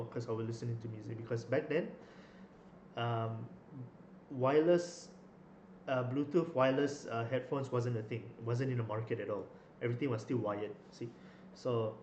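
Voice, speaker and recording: Young man, mid-pitched, chatty and rambling, roomy recording. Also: a little mellow. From Malaysia. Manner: rambling, with many fillers and restarts. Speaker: vlogger. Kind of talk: casual storytelling. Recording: echoey room, faint noise.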